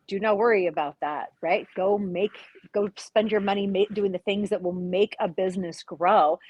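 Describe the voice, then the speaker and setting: Direct, advising woman with lowish voice. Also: no room sound, poor audio. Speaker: podcast co-host. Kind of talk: casual chat.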